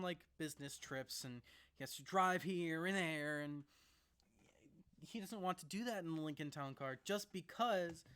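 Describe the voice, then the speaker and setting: A young man vlogging casually into a laptop mic, rambling and laughing as he talks, sometimes rushing and sometimes slowing down. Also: fairly high pitch, fairly bright tone, clean tone. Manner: rambling, laughs often, jumps between fast and slow. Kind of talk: casual to-camera vlog.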